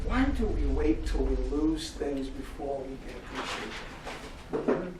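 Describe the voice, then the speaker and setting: Speaking slowly with a fairly high voice, a psychotherapist delivers an energetic, jokey live motivational talk, getting the audience to chant back in call-and-response. The large public library hall echoes, the mic is far off, and the recording is very noisy.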